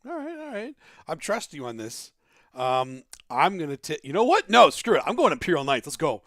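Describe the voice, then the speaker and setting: Bright, lively-voiced man cohosting. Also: on the high side, no echo, clean studio sound. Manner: animated, laughs easily, quick reactions. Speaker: co-host. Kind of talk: casual banter on a gaming show.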